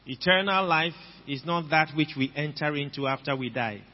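Ghanaian male pastor, high-voiced and deliberate, lo-fi church hall recording with long reverb. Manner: slow, emphatic, repeats phrases for the congregation. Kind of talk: sermon.

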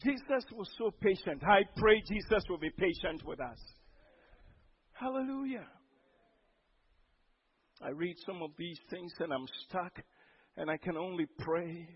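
A man preaching a sermon as pastor, breaking into sudden loud emphatic outbursts. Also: sits high, unhurried, long pauses, husky, dull audio.

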